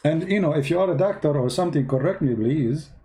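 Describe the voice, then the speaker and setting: Male host, casual sarcastic commentary, halting non-native English, warm mellow voice. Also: a little high, lively intonation. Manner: sarcastic, mocking, talks directly to viewers.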